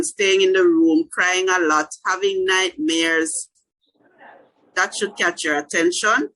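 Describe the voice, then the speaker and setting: Woman counselor, lowish voice, earnest workshop host checking in with listeners, video call. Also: a bit bright, rough recording. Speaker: counselor leading a parenting workshop. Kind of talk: online workshop talk.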